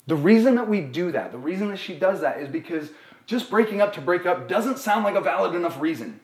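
A young man speaks in a casual live podcast chat and tells a personal story with animated energy. He keeps checking in with his listeners as he goes, and his voice rings in a roomy, echoing space. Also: a little high, fast. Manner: animated storytelling, many "right?" tags. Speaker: therapist and podcast co-host. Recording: roomy echo.

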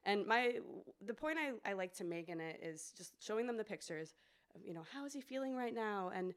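A woman's voice: medium pitch, expressive, a little fast, clear, resonant tone. A woman who teaches preschool, co-hosting a podcast in casual chat full of fillers. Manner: chatty, many fillers, acts out story voices.

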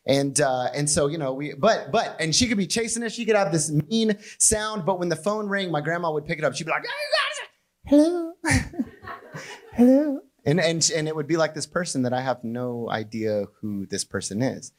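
A man's voice: lively intonation, a little fast, hardly any pauses. A man preaching a conversational sermon as pastor of his church, casual and jokey. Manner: casual, jokey, mimics others in a high squeal. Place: church hall.

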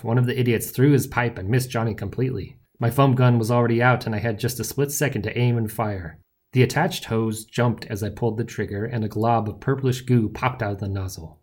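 A man narrating a novel in the first person with wry, lively storytelling. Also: mid-range voice. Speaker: audiobook narrator.

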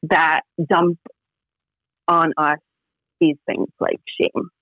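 A woman's voice: sits low, flat delivery, drawn-out words, a bit bright. Woman guest, thirties, casual rambling storyteller; tinny phone-line audio, no room echo. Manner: rambling, heavy use of "like" fillers. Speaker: podcast guest.

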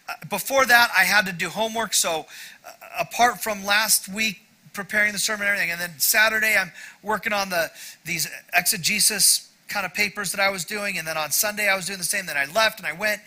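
A man's voice: sits high, steady tone, a little fast, pushed and bright, low-quality recording. A middle-aged male pastor giving a sermon in a conversational, self-deprecating way, with frequent asides to the congregation.

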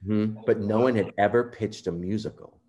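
A man being interviewed, telling a personal story in an earnest, animated way and acting out quoted remarks. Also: on the low side, normal speed. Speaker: composer guest.

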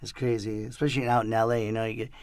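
A man's voice: on the low side, flat delivery, rapid-fire, a little mellow, clear, resonant tone, dry recording, studio quality. A man from upstate New York hosting a casual comedy podcast, loose and playful, laughing often and trailing off with fillers. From Rochester, New York. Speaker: podcast host.

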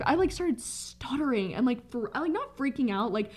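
Animated young woman telling a story. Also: on the high side, fast talker, few pauses. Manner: rambling, animated, swears, laughs a lot. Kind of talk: casual chat, storytelling.

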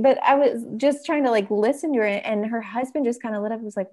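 A woman's voice: on the high side, expressive, fast talker, creaky, hardly any pauses, darkish tone. A young woman co-hosting a casual podcast, telling a personal story in a chatty, rambling way. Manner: chatty, rambling, lots of fillers. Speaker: podcast co-host.

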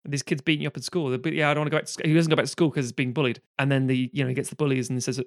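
A man chatting casually on a podcast, retelling a film plot in a lively, sweary way and acting out the characters' lines. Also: medium pitch, rapid-fire, few pauses, no room sound, studio quality.

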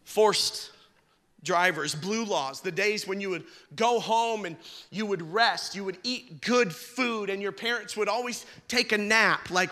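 A man's voice: high-pitched, a little slow, bright, forceful tone, long reverb tail. A man preaching a sermon, mixing jokes and everyday stories into his message in a conversational way. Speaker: pastor.

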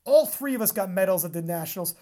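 A woman hosting a casual chat, telling a story in an animated way, swearing freely and acting out her own reactions. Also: medium pitch, quick pace. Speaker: podcast host and powerlifting commentator.

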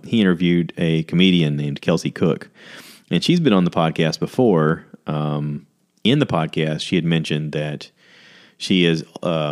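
A podcast host with a very low voice rambles through a casual monologue, drifting from story to story. When he quotes people, he jumps into high, goofy voices.

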